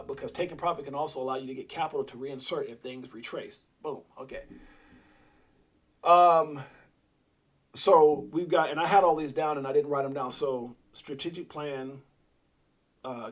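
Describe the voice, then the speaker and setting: A man hosting a crypto livestream, talking casually and rambling with animated asides. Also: medium pitch. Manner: rambling, animated, quick asides and mock voices.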